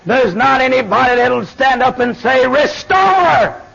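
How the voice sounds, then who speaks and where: A man preaching a fiery sermon, swinging between shouted lines and low murmurs. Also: fairly even intonation, normal speed, gravelly, husky. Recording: dull lo-fi sermon recording.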